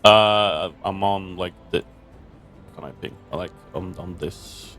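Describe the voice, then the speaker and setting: A man's voice: deep voice, slow pace, fairly bright tone, faint music behind. A man playing a tabletop game, hesitant and full of fillers as he plans his character's moves. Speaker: player.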